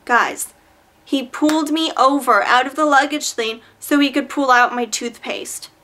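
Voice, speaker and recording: A young woman with a high, bright voice tells rambling stories straight to camera. She is chatty and dramatic, piling on fillers and asides. It has the casual feel of a camera-mic vlog. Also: measured pace, a little hiss or hum. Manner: chatty, exaggerated storytelling with many fillers. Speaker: vlogger.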